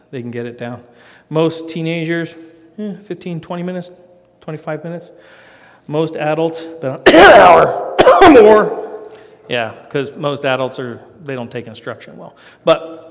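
A man's voice: fairly high pitch, long reverb tail. A middle-aged man telling a self-mocking, folksy story to a live church audience and demonstrating rope tricks as he talks. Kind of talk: storytelling sermon.

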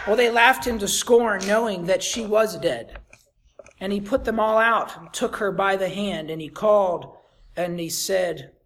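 A pastor preaching a sermon, reading scripture aloud and swinging dramatically from soft to loud with rhetorical questions. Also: medium pitch, moderate pace. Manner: reads scripture in King James wording.

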